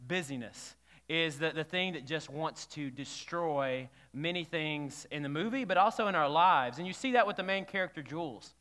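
Male pastor, casual sermon, a touch high and very clear, long church reverb. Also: lively intonation, normal speed, a bit bright. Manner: conversational, engages the congregation with questions. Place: church hall.

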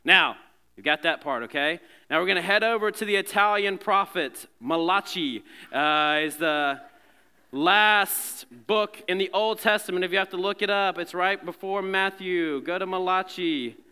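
A man's voice: high voice, moderate pace, bright, forceful tone, smooth. A man preaching a sermon to a congregation in a conversational way, with joking asides between scripture readings. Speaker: pastor. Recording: long hall reverb.

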